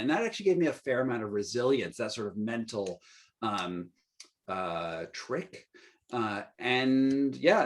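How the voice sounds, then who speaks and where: Animated storytelling man, curses freely. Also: medium pitch. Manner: profane, animated, laughing asides. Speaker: guest author. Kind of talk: casual storytelling.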